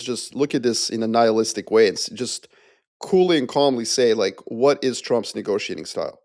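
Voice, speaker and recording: A man, a podcast guest, explaining his view with animated storytelling and playful asides. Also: mid-range voice, no room sound, clean studio sound. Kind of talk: casual geopolitical discussion.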